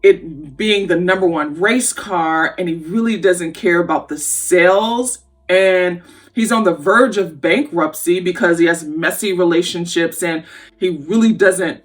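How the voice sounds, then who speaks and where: A woman's voice: fairly low pitch, a little slow. A woman giving a casual spoken film review, candid and opinionated, talking conversationally with restarts. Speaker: movie reviewer. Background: faint background music.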